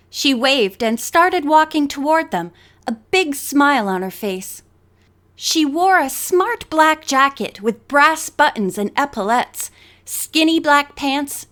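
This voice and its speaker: A woman narrating an audiobook with a measured, expressive reading. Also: high voice.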